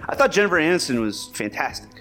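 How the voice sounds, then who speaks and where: A man's voice: a little high, sing-song, fast, loud music behind the voice. Enthusiastic man in casual chat. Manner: enthusiastic, emphatic opinions. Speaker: podcast co-host, actor.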